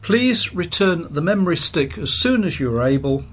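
Bright-pitched presenter signing off. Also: male voice, big pitch swings, moderate pace, breathy edge. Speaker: presenter of a talking newspaper. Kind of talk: scripted closing announcements.

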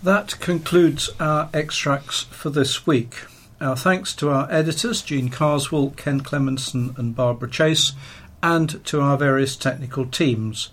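Bright-pitched presenter signing off. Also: male voice, measured pace. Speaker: presenter of a talking newspaper. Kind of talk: scripted closing announcements.

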